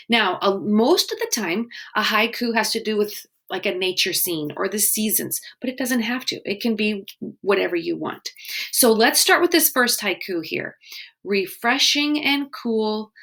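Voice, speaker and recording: A woman leads a children's writing webinar in a friendly, encouraging way. Her voice has a gravelly edge and sits at a middle pitch. She slows right down to sound out words syllable by syllable. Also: fairly bright tone.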